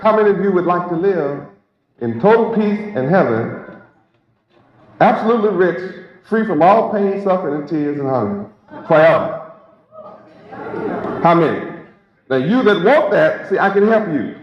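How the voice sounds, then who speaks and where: A man's voice: high-pitched, very animated, moderate pace, pauses often, slight background noise. A man preaching a sermon to a congregation, emphatic and repetitive, full of rhetorical questions. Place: large hall with congregation. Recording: echoey hall, lo-fi, crowd.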